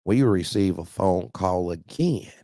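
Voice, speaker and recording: A man telling a profane, animated story about his truck. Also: low voice, a little slow, no echo, studio quality. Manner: profane, animated, acts out other voices. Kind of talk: casual storytelling.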